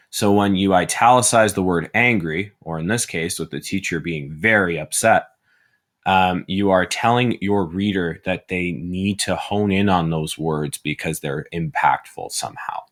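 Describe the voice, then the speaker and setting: Low-voiced guy walking through a writing lesson, steady and plain. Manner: plain, steady explaining with fillers. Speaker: teacher.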